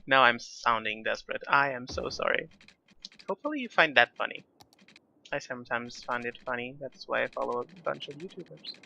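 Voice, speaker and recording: A man's voice: mid-range voice, expressive, normal speed, vocal fry, long pauses, sharp tone, lo-fi sound. A young man chatting casually over his own city-building gameplay, rambling and self-deprecating as he goes. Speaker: gaming YouTuber.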